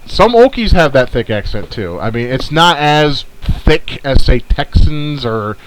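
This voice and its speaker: A man's voice: medium pitch, very animated, unhurried, low-quality recording. A man from the northern United States co-hosting a podcast, ranting and rambling with heavy swearing. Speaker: podcast co-host. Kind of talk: casual podcast chat.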